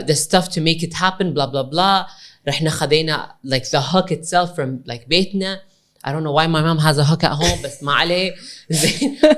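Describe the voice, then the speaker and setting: Low-voiced woman telling a story. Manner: animated storyteller, mixes English with Arabic, says "blah, blah, blah". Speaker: podcast co-host. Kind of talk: casual storytelling chat.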